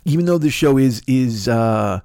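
A man's voice: medium pitch, animated, moderate pace, creaky, a little mellow, dry recording, clean studio sound. A man hosting his own podcast, a comedian rambling in a profane, self-deprecating solo monologue.

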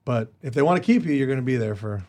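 A man as an interview guest, telling stories casually and with energy, jumping higher in pitch when he quotes others. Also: fast talker. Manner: animated, jumps higher when quoting others; chatty with many restarts. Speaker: guest comedian.

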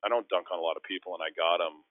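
A man's voice: sits low, little pitch movement, rapid-fire, no room sound. A man, a podcast guest, telling self-deprecating, rambling anecdotes with lots of restarts in a casual interview. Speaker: podcast guest, former basketball player. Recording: dry, tinny phone-like line.

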